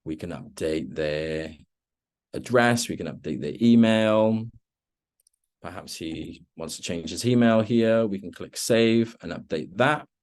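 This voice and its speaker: A man leading a relaxed screen-share demo of a software tool in an online meeting, with lots of ums as he walks through each step. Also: low-pitched, a little slow. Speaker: product trainer.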